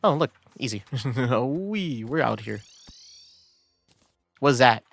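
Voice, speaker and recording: A man's voice: medium pitch, slow pace, creaky, a bit bright. A man chatting casually while streaming a game, laid-back and rambling, laughing often between thoughts. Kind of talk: casual gaming stream chat.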